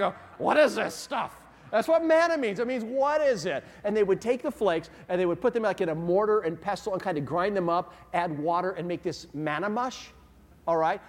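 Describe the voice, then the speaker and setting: High-voiced male pastor preaching in a hall. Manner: animated storytelling, asks the audience questions. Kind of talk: sermon. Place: church sanctuary. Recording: long reverb of a large hall.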